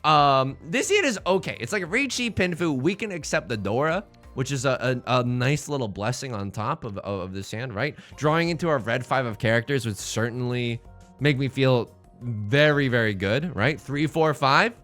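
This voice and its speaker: A man's voice: medium pitch, animated, normal speed, a bit bright, faint music behind. A man hosting a let's play, rambling playfully through casual game commentary with jokey asides.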